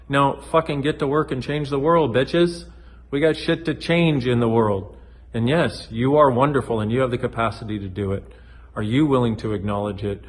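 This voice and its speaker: A middle-aged man talks straight to camera in a self-help video, loose and playful. His pitch sits in the middle for a man, and he jumps off track now and then and drops the odd swear word. He sounds animated. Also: a little hiss or hum. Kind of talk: casual motivational talk to camera.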